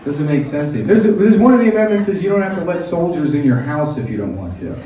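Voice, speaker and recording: A man's voice: on the high side, expressive, fast talker, heavy reverb, far from the mic, noisy background. A man performing a crude, sarcastic stand-up set, riffing and mocking voices. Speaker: stand-up comedian.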